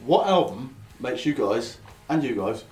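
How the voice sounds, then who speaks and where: A man's voice: medium pitch, sing-song, measured pace, darkish tone. A man in his thirties, co-hosting with crude, laid-back banter and laughing asides. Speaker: co-host. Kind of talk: casual banter. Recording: echoey room, far from the mic.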